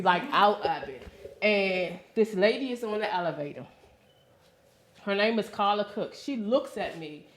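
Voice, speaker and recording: Woman, talk show co-host, casual storytelling, expressive, acts out quotes, mid pitch, roomy studio. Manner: expressive, animated retelling with acted-out quotes.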